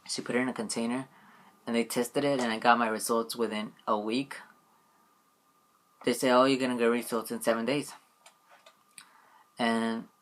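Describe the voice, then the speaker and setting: A man's voice: medium pitch, a bit bright. A young man telling a story in a casual vlog, rambling and filling his talk with "like" and "you know what I mean". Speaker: vlogger.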